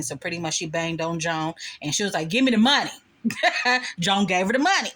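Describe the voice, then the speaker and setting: A woman giving casual spoken commentary on a show episode, retelling scenes and acting out the lines of the characters in quick quoted bits. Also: on the low side, a bit bright. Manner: chatty, recounts scenes with quoted voices.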